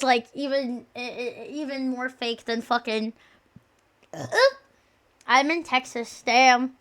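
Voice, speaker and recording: A woman streamer with a high, sharp voice chats loosely with her audience. She rambles and swears a lot, and she jumps between loud outbursts and muttered asides. Her tone stays crisp and clear throughout. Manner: profane, rambling, playfully insulting; excitable, quick shifts between loud outbursts and mumbles. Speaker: live streamer. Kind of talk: casual live-stream chat.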